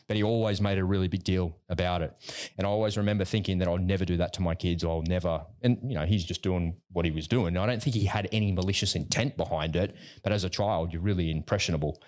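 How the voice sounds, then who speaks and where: Deep-voiced man telling stories. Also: quick pace, a little mellow. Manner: storytelling, conversational. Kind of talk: casual podcast conversation.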